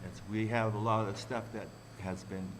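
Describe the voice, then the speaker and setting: A man giving a reflective, unhurried talk to a community workshop audience. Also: lowish voice, flat delivery, a little hiss or hum, poor audio. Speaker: workshop speaker.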